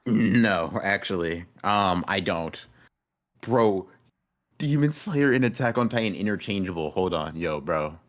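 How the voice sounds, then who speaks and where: A man's voice: deep voice, lively intonation, a little slow. A young man co-hosting a casual podcast, slangy and laughing, saying "bro" constantly. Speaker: podcast co-host. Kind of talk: casual chat.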